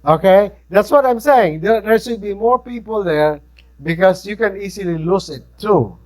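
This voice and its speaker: In a low-quality recording, an instructor with a Filipino accent lectures a class at normal speed, his voice sitting high and a little mellow. He talks conversationally and often checks in with "right?".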